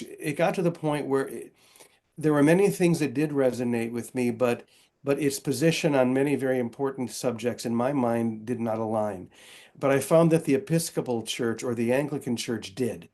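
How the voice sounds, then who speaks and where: A man's voice: medium pitch, a little mellow. A man who is a guest on an interview podcast, speaking earnestly and reflectively about his faith and his work. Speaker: guest, author and Episcopal priest. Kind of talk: casual interview conversation.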